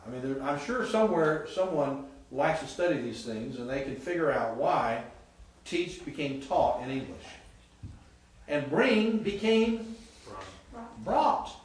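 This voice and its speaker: A man's voice: mid-range voice, animated, unhurried. A male Greek professor giving a chatty classroom lecture, quizzing his students and sounding out words. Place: seminary classroom. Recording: echoey classroom, mic far off, faint hiss.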